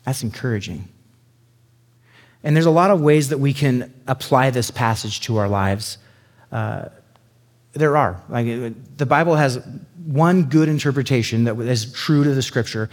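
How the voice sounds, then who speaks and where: A man preaching a sermon as a pastor, animated and conversational, acting out quoted lines with sudden high bursts. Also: normal speed. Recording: long hall reverb.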